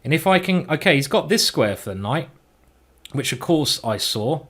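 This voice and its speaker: A man's voice: a little high, sing-song, normal speed, a bit bright. A man streaming a chess game, chatting and thinking aloud as he plays, with mild swearing. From England. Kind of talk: live game commentary.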